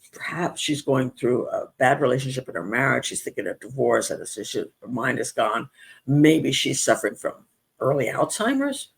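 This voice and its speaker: A woman's voice: a bass voice, creaky, slightly rough. A middle-aged woman hosting an advice show, retelling a personal story in a casual, exasperated way with many restarts. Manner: animated, exasperated retelling with self-interruptions.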